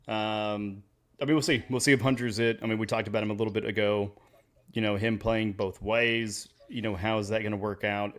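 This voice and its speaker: Joking, foul-mouthed man from Oklahoma. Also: fairly low pitch. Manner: loose, profane, joking, drinking while talking. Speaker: podcast host. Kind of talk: casual sports podcast chat.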